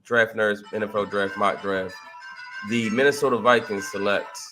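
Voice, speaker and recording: A man's voice: fairly low pitch, fairly even intonation, normal speed, sharp tone, soft background music. A man picking teams in a casual mock draft chat, loose and jokey, sometimes stumbling over names.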